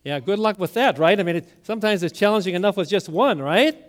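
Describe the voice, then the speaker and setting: A middle-aged pastor with a fairly high voice delivers a story-driven sermon. He lets key words fall soft and quiet for weight, then lifts again. The delivery is steady and personal. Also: fast talker. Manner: storytelling preacher, drops to a hushed voice on key words.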